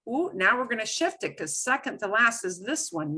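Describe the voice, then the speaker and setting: A woman's voice: on the high side, sing-song, moderate pace, hardly any pauses, pushed and bright, slightly rough. A middle-aged woman teaching a beginner Spanish lesson online, explaining rules step by step with playful exclamations.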